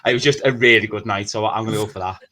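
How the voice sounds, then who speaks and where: A man, telling an excited anecdote in a casual podcast chat. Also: on the low side, very fast.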